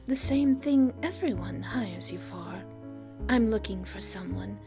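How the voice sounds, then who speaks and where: A woman doing a tall, composed witch with a put-on French accent, who speaks in a smooth, formal, unhurried way. The voice sits at an ordinary pitch, and background music plays under it in a visual novel read aloud. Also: lively intonation. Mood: cool, composed. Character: poised, tall female witch, coolly detached.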